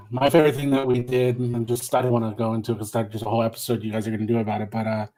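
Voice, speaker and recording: A man's voice: medium pitch, mellow. A man reminiscing in rambling casual chat as a podcast guest.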